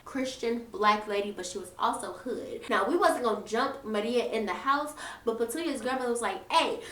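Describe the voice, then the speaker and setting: High-voiced young woman telling a profane story. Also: moderate pace, background noise. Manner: animated, profane, addresses viewers as y'all. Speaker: storytime vlogger. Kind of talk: casual storytelling. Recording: echoey room.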